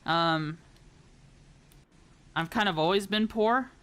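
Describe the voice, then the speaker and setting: A chatty streamer from the American South, a woman who rambles along in easy conversation with her viewers. Her voice sits at a middling pitch with a bright, sharp edge to it. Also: slow, clear, resonant tone. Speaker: VTuber streamer. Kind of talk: casual chat while building a model kit.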